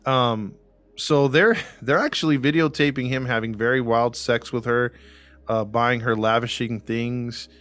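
A man's voice: medium pitch, steady tone, measured pace, fairly bright tone. A man hosting a podcast, telling a true-crime story casually with many fillers and acted-out quotes. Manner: rambling, lots of fillers, acts out quotes. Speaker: podcast host.

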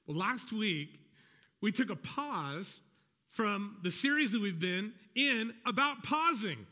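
A pastor delivering a sermon, earnest and animated, acting out people's inner dialogue with God. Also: male voice, high voice, takes it slowly. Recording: reverberant hall.

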